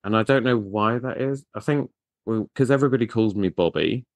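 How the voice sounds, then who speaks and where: A man's voice: lowish voice, brisk, no room sound. A British man hosting a casual interview podcast, enthusiastic and self-deprecating as he asks his questions. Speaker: podcast host.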